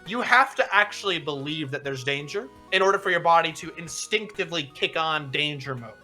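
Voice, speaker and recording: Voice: mid-range voice, animated, brisk, pushed and bright, faint music behind, voice pushed down. A streamer voicing a strict male combat teacher who lectures with rhetorical questions and dry humor in a tabletop role-play. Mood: lecturing. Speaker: game master.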